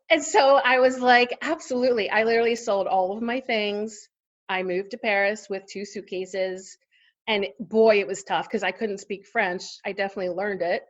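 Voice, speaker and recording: A woman's voice: medium pitch, fairly bright tone, highs cut off. A woman in her forties, a podcast guest, telling a personal story in casual interview chat with lots of fillers and laughter. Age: 40s.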